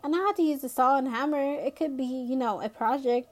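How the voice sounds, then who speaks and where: A woman's voice: high voice, brisk, darkish tone, natural voice. A woman reading aloud, voicing an earnest young girl who pleads and asks eager questions.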